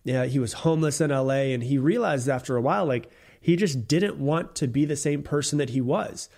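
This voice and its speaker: A man's voice: medium pitch, a little fast, darkish tone. A man hosting his own motivational podcast alone, talking bluntly and emphatically, repeating his points and swearing casually. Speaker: podcast host. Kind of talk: solo motivational podcast talk.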